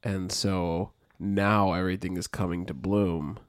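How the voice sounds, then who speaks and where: A man's voice: low voice, flat delivery, unhurried, no room sound, studio quality. A man with a stuffy nose, co-hosting a podcast in laid-back, joking casual chat. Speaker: podcast co-host.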